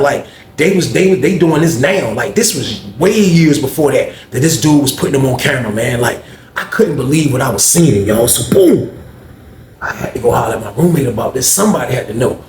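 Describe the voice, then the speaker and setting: Man narrating a personal story, loose street slang, higher voice, roomy sound. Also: slight background noise. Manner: slangy, repeats "you know what I mean". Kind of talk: casual storytelling. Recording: echoey room.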